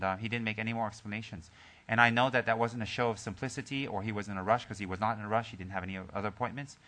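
A man gives a Dharma teaching to his group as their teacher. His voice sits low with a bright, forceful edge. He jokes easily and then settles into calm, soft storytelling full of fillers and restarts. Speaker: Buddhist teacher.

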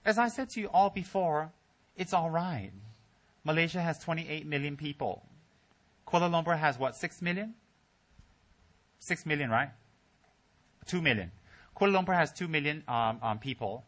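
Man, Buddhist teacher, joking Dharma talk, bright forceful voice, slightly high pitch. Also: normal speed, pauses often. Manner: joking, teasing, acts out mock voices.

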